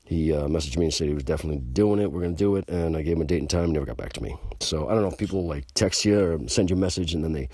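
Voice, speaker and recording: A man hosting a podcast, delivering a brash, boastful and profane rant that gets louder and higher when he is worked up. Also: racing, hardly any pauses, no echo, studio quality. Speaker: podcast host. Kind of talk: ranting podcast monologue.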